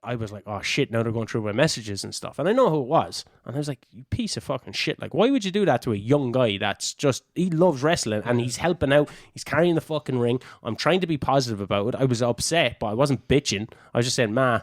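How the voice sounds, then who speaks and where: A young Irish man, a wrestler guesting on a podcast, telling casual stories full of swearing and lively asides. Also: mid-range voice, fast talker, hardly any pauses, no echo, studio quality. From Ireland. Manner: swears freely, animated anecdotes. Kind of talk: casual storytelling.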